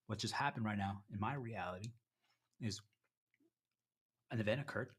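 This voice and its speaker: Fairly low in pitch and husky, this live streamer's voice carries a rambling monologue from his home to his chat. He breaks off his own thoughts, keeps calling viewers "you guys," and occasionally speaks through a mouthful of food.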